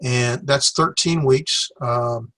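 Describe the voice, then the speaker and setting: Man teaching, halting with many fillers. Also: mid-range voice, sharp tone, no echo. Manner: halting, many fillers, sounds out syllables slowly. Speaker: Greek teacher. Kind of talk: classroom lecture.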